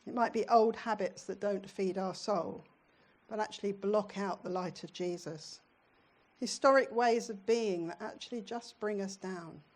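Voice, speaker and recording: A woman's voice: mid-range voice, measured pace. A middle-aged British woman preaching a sermon in a church, in a conversational way, often putting questions to her congregation.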